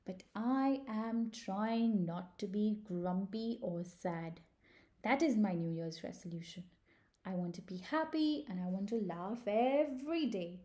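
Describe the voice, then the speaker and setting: A woman voicing a grumpy, sad male porcupine in a storybook reading, glum and quiet. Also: medium pitch, lively intonation, moderate pace, lightly acted.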